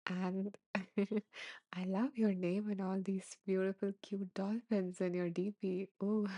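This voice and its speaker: A woman hosting a podcast, gently reading and answering live listener comments, soft-spoken and laughing softly, emotional and close to tears. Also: mid-range voice, little pitch movement, slow, no echo. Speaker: podcast host.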